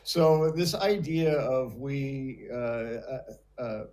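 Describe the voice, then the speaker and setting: A man's voice: medium pitch, extremely slow, a little mellow. Older american man, host, reflective, hesitant, storytelling, casual chat. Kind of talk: casual conversation.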